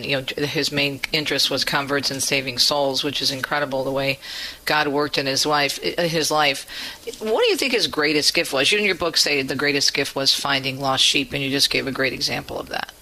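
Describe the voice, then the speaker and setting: Brief: male interviewer, sharp bright voice, eager follow-up questions. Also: fairly high pitch, brisk, low-quality recording.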